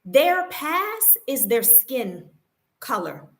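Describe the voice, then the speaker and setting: High-voiced woman ranting about her ordeal, worked up, lots of restarts. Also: very animated, very slow. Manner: emotional, indignant retelling with many restarts. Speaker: vlogger. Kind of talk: personal story vlog.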